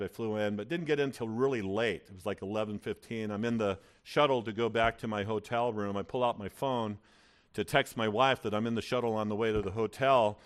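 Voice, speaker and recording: A male pastor preaching a sermon in a church, telling personal stories in an animated way with stammering restarts. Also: lowish voice.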